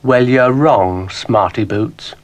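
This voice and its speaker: A man's voice: medium pitch, slow pace, lightly acted. A man voicing a grumpy, sardonic male dog in a children's stop-motion show, with a dry, sarcastic delivery.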